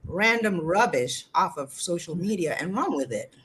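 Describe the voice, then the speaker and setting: A woman's voice: fairly low pitch, lively intonation, normal speed, a bit bright, breathy edge. A woman co-hosting a casual discussion show, earnest and explaining, who makes her points firmly and simply. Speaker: co-host.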